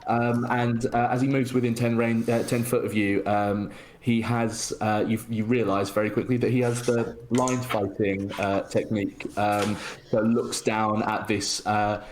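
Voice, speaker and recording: A man's voice: lowish voice, little pitch movement, a little slow, a little hiss or hum, poor audio. A man playing a tabletop game, talking hesitantly with many fillers as he describes his turn. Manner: hesitant, full of uhs and ums. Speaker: player.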